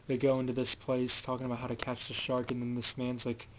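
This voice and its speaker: A man's voice: mid-range voice, completely flat delivery, fast talker, slight background noise, rough recording. A man giving a casual, rambling recap of a film, with many fillers and restarts. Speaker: film reviewer.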